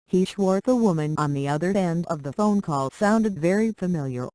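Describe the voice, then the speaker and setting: A text-to-speech voice narrating a short story with a flat, synthetic delivery. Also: medium pitch, moderate pace, no room sound.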